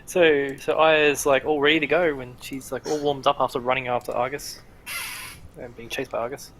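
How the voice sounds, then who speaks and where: A man's voice: mid-range voice, level tone, moderate pace, fairly bright tone, poor audio. A man narrating as game master in a tabletop game, loose and rambling with lots of "sort of" and "like".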